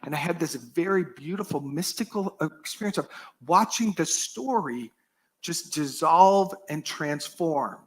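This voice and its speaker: A middle-aged male pastor giving an earnest sermon, shifting often from strong emphasis down to soft, almost whispered phrases. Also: fairly high pitch, expressive, a little slow. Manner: earnest, varied dynamics, drops to soft near-whispers.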